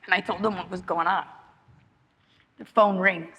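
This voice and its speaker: A woman's voice: on the low side, fairly even intonation, normal speed, fairly bright tone, husky. Earnest middle-aged woman in reverberant hall. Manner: earnest, repetitive, emotionally open storytelling. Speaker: speaker at a recovery meeting. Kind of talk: personal testimony. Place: meeting hall.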